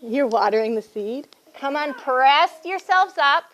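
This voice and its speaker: High, encouraging woman yoga teacher. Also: expressive, measured pace, fairly bright tone, slight background noise, poor audio. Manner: encouraging, playful, sing-song praise. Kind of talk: guiding a kids' yoga class.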